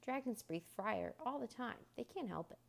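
A woman's voice: fairly high pitch, huge pitch swings, moderate pace, creaky, voice pushed up, exaggerated voice. Brief: woman doing a keen, earnest young boy for a storybook, slightly raised voice. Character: eager brave young boy.

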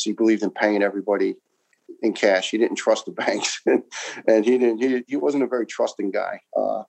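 A man's voice: lowish voice, creaky, a little mellow, poor audio. A man in his fifties from New York, a retired firefighter telling his story in an interview with passion, emphasis and frequent restarts.

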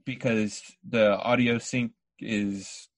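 A man's voice: lowish voice, fairly even intonation, slow pace, dry recording. A man co-hosting a podcast, chatting casually and bluntly, scornful as he reviews a movie over a remote call. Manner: blunt, ranting, scornful of the film. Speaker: podcast co-host.

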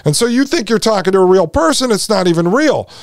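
A man's voice: high voice, sing-song, quick pace, no echo, studio quality. A man hosting his own podcast, talking straight to his listeners in an emphatic solo monologue. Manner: emphatic, talks directly to listeners. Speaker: podcast host.

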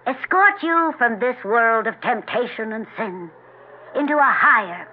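An actor playing a stern, unseen judge of souls who speaks in a grave, measured way, in 1940s radio acting. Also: male voice, very high-pitched, lively intonation, heavily acted. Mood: ominous. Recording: tinny old radio broadcast.

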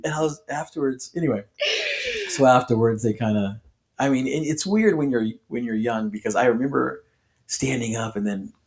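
A man's voice: mid-range voice, moderate pace, a little mellow. A man on a podcast telling his personal faith testimony in an earnest, conversational way, full of restarts and voiced quotes. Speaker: podcast guest.

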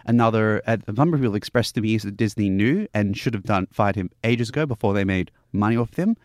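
A man presenting a topic on a radio panel discussion in a measured, opinionated way. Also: fairly low pitch, a little mellow, no echo, clean studio sound.

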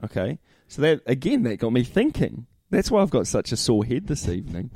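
A man co-hosts a casual podcast in a warm, mellow voice with lively swings in pitch. He banters in a laid-back way, calling his co-host "mate" and ending lines with tag questions. The sound is dry and close. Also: fairly quick, breathy edge, no echo. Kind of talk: casual chat.

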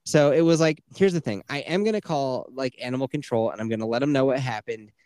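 A man in casual podcast chat, spinning a long story with plenty of swearing and lively bursts. His voice sits in a middle pitch and is recorded dry and close, with little room sound. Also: quick pace, no echo. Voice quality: profane, animated storyteller. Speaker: podcast host.

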